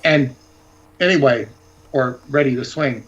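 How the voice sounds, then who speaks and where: A man's voice: medium pitch, a little slow, muffled recording. A man talking as a guest author, telling rambling, digressive anecdotes in casual chat.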